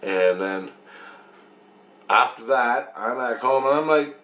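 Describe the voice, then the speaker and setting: A man tells a long, rambling story in casual, profane language and retells the events animatedly. His voice is gravelly and sits at a middle pitch. The recording has a roomy echo. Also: normal speed, fairly bright tone.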